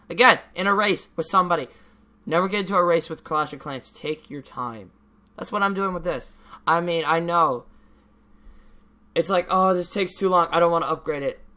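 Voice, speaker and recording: Bright-voiced teen boy ranting. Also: a little high, vocal fry. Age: teens. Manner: ranting, swears freely, filler-heavy. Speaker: vlogger. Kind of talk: casual rambling vlog.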